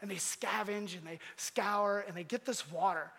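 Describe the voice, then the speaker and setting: A man preaches in a relaxed, slangy storytelling manner. His voice is high and bright, and it rings out with a long hall reverb. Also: moderate pace, a little hiss or hum. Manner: animated, slangy. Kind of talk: casual storytelling sermon.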